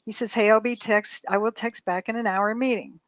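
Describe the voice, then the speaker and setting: A woman's voice: medium pitch, fairly even intonation, brisk, dry recording. Woman on a call show telling a story, acts out the dialogue, swears a lot, dry close sound. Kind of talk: casual storytelling chat.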